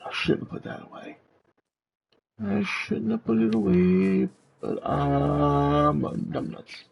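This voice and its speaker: A man's voice: fairly high pitch, slow, vocal fry, highs cut off, slight background noise. A male streamer speaking through a demon robot voice changer, chatting to his viewers as he narrates building in a game, with his mic set back from his face. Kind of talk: live gameplay commentary. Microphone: mic pulled back from face.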